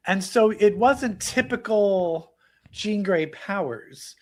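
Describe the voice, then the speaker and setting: A man co-hosting a podcast in casual chat, gushing and swearing with excitement. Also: high-pitched, a little slow. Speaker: podcast co-host.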